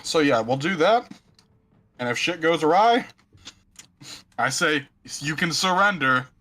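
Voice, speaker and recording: A man chatting casually as a player in a tabletop game, eager and loud. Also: on the high side, expressive, measured pace. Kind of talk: casual chat.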